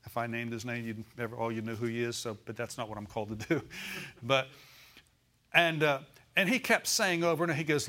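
A man's voice: medium pitch, a little fast, pushed and bright. A male pastor preaching a sermon in a folksy way, asking the congregation for amens and call-and-response.

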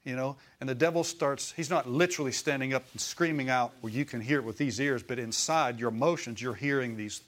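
A man preaches at a middle pitch, easy and conversational. He keeps checking in with his listeners, asking questions as he goes. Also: normal speed. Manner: acts out voices in quotes. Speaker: pastor. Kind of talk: sermon.

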